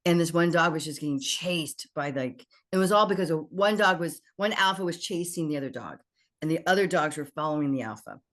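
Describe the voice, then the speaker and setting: A woman guest on a podcast, telling lively stories in casual chat and acting out what people said. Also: low-pitched, fairly quick. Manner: animated storyteller who acts out dialogue.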